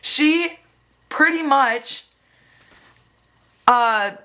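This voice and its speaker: A young woman's high-pitched voice draws out her words as she tells an animated story in a casual vlog. Blunt and profane, she acts out quoted lines in different voices and peppers everything with "like."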